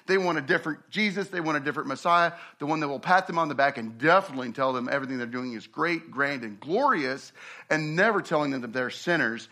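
A man preaching a sermon, acting out the people in his story and swinging from hushed, slow passages to loud, fast ones. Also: on the high side. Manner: dramatic preaching, acts out quoted voices, swings from hushed to loud. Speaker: pastor.

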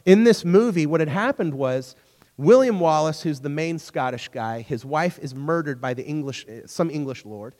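A man's voice: on the high side, expressive, normal speed, darkish tone, in a large hall. A man giving a casual, conversational sermon to young listeners, retelling a story and acting out its characters along the way.

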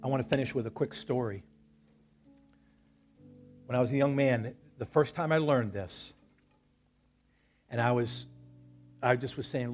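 Man, husky, mid-pitched, preaching to a congregation, casual storytelling delivery. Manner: conversational preaching, storytelling with scripture quotes. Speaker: pastor. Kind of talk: sermon. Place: church service.

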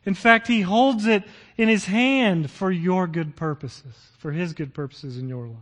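Middle-aged male pastor, fairly high voice, earnest sermon delivery that swells into fervent scripture reading. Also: animated, normal speed, few pauses.

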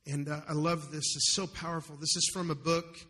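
A man delivers a sermon with passionate, emphatic preaching. His voice is bright and a little raised in pitch. It rings with the long reverb of a large hall. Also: flat delivery, a little fast. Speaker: pastor. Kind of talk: sermon with read-aloud story.

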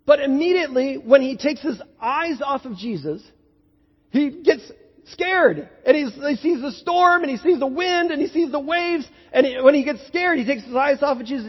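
A man preaching a sermon as a pastor, telling the story in an animated way that builds to excited peaks. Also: very high voice. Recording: dull lo-fi sound with long hall echo.

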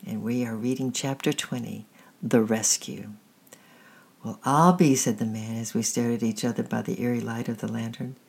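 Gravelly woman reading a story aloud. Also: very deep voice. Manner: steady, measured reading.

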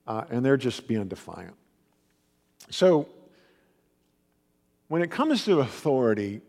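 Man preaching in a reverberant hall. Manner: animated storytelling, raises pitch for quoted voices. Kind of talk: conversational sermon.

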